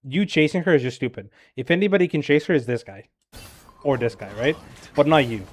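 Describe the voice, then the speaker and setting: Male game coach, slightly high voice, exasperated and blunt, swears constantly during the gameplay breakdown. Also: expressive. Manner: blunt, profane, exasperated critique; filler-heavy rapid talk with frequent "bro" and "right?". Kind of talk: casual gameplay review coaching.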